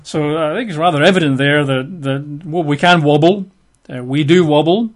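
A man's voice: a little high, normal speed. A man preaching a sermon, reading scripture aloud and breaking off for conversational, wry asides with the odd chuckle.

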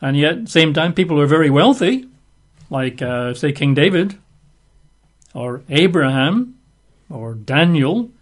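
A man preaching a verse-by-verse Bible teaching, unhurried, stretching key phrases and slipping in casual asides with fillers. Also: on the high side, big pitch swings.

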